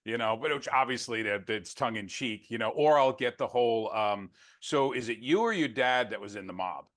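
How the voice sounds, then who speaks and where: A man's voice: mid-range voice, brisk, a bit bright. A man being interviewed on a podcast, telling stories about his career with wisecracking, self-deprecating humor. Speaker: guest, network marketer. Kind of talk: casual interview chat.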